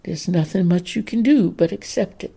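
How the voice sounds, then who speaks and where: A woman voicing a loyal, cautious young woman companion, speaking quietly and respectfully. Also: on the low side, normal speed, gravelly, breathy edge.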